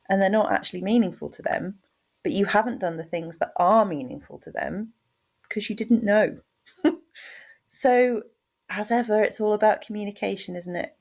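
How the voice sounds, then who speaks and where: Frank, gravelly-voiced woman podcaster. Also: lowish voice, a little mellow. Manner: frank and chatty, swears casually. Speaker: podcast host. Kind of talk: solo podcast monologue.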